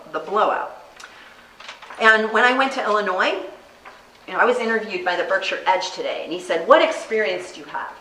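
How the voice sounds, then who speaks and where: A woman's voice: medium pitch, a bit bright, roomy sound, distant mic, a little hiss or hum, low-quality recording. An American woman, a congressional candidate, giving a campaign speech and telling stories in an earnest way. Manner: earnest, storytelling, acts out quoted people.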